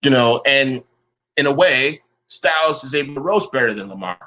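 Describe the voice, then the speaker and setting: A man's voice: medium pitch, lively intonation, moderate pace, pushed and bright. A man in a profane, confrontational rant to camera. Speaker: online commentator.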